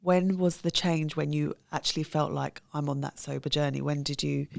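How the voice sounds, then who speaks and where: A woman hosting a podcast, asking the guest probing, halting questions. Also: deep voice, fairly even intonation, gravelly, no room sound, studio quality. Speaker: podcast host. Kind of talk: interview questions.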